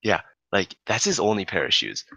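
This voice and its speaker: Lively, husky-voiced young man telling stories. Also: on the low side, moderate pace, dry recording. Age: young adult. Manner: animated and laughing, swears freely. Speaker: storyteller on a chat show. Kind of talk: casual storytelling chat.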